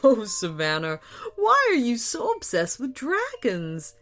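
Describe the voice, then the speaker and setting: A woman voicing a gentle, loving father of a young girl, speaking softly with a fond, teasing manner. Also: high voice, big pitch swings, normal speed, soft background music, voice pushed up.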